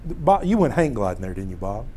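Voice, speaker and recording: A man teaching a casual Bible lesson, telling stories in an animated way and often breaking off to restart a phrase. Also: lowish voice, brisk. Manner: storytelling, animated, self-interrupting.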